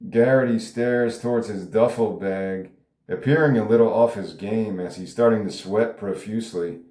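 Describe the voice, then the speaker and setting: A man reads a script aloud in a loose, casual way, dropping laughing asides. His voice is low and mellow. The recording has a roomy echo. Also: normal speed. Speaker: script reader. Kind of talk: casual table read narration.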